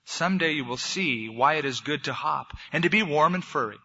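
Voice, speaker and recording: A man as a calm, wise old wolf. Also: on the high side, fairly quick, breathy edge, full character voice. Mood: reassuring. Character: wise, mysterious great silver male wolf. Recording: dull lo-fi recording.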